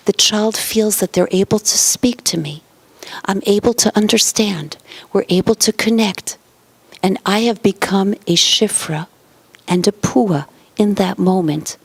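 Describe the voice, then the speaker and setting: A woman giving a parenting lecture in numbered points, acting out quoted parents and children and often dropping to a soft whisper. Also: medium pitch, vocal fry, husky, no echo. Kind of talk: motivational lecture.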